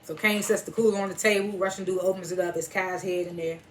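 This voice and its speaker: A woman's voice: fairly low pitch, steady tone, fast, a little hiss or hum. A woman reviewing a TV episode in a casual recap, loosely retelling scenes and swearing now and then.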